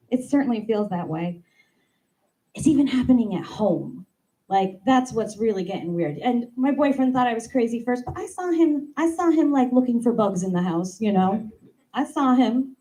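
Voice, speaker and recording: Female comic, 30s, warm low-key tone, lively storyteller who acts out every quote. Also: normal speed, low-quality recording. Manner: animated, acts out quoted voices, playful asides. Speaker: comedian doing a stand-up bit. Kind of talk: stand-up comedy monologue.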